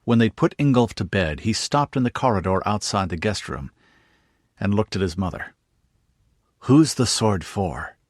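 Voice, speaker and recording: A man narrating a fantasy audiobook in a steady, scripted reading with a husky voice. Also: lowish voice, normal speed, no echo, clean studio sound.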